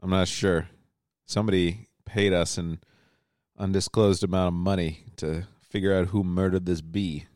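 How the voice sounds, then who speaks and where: A man co-hosting a comedy podcast with a dry, deadpan delivery in improvised banter. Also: low voice, moderate pace, no room sound.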